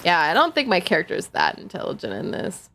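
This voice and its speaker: A woman's voice: on the low side, huge pitch swings, quick pace, a bit bright. A woman streaming a game, chatting casually and reading in-game notes aloud. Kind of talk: casual gameplay commentary.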